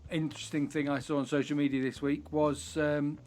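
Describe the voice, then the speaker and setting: Male podcast co-host, teasing banter, guest intros, a touch higher-pitched than most men. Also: little pitch movement, a little fast, a little mellow. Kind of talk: casual podcast chat.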